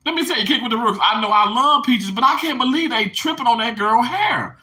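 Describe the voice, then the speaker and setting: Emotional, bright-voiced male live streamer. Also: very high voice, brisk, few pauses. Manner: emotional, laughing and tearing up while reading chat. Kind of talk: casual live-stream chat.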